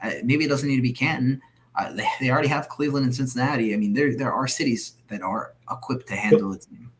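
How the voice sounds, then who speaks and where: A man co-hosting a sports podcast who talks earnestly and firmly states his views. His voice is pitched in an ordinary middle range. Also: steady tone, fast, a little hiss or hum. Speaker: podcast co-host. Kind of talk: casual sports chat.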